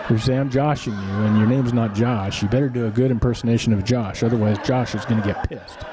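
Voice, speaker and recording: A man's voice: mid-range voice, steady tone, fast, noisy background. A middle-aged man hosting a live stream, chatting casually with viewers and telling rambling family stories with chuckles and teasing asides. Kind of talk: casual storytelling to chat.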